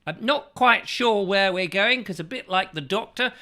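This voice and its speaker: A man's voice: high voice, expressive, normal speed, sharp tone. A man hosting a chat show, rambling through a whimsical, absurd comic monologue full of silly asides.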